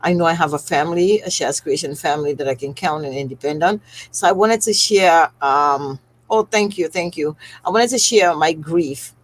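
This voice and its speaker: A woman's voice: low-pitched, moderate pace, no echo, low-quality recording. A woman running her business's livestream, talking to viewers in a heartfelt way and close to tears. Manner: heartfelt and tearful, speaking directly to viewers. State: on the verge of tears. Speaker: skincare business owner hosting a live stream. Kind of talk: emotional personal livestream.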